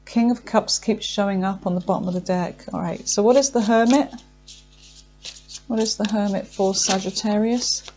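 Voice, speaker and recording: A woman's voice: mid-range voice, steady tone, normal speed, mellow, a little hiss or hum. A woman giving a tarot card reading, effusive and emotional, thinking aloud with frequent fillers. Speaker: tarot reader.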